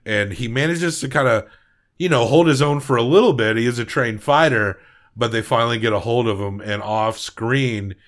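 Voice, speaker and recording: A man hosting a film podcast, recapping and rating movies in a relaxed, rambling way with many fillers. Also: medium pitch, moderate pace. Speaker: podcast host. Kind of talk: casual film review chat.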